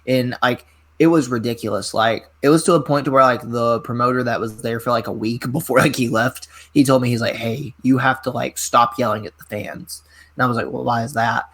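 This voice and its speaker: A man in his twenties, a pro wrestler guest telling rambling, animated stories in a casual interview, full of filler words. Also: medium pitch, fairly quick. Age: 20s.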